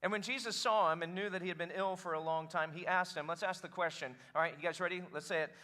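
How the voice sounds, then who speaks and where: Bright-voiced joking male pastor. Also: high voice, fast talker. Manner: animated, joking, calls for congregation response. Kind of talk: sermon.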